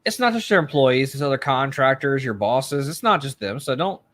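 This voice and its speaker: A man co-hosting a casual podcast chat, calmly explaining comic-book lore in a matter-of-fact way. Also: medium pitch, normal speed, no echo. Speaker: podcast co-host.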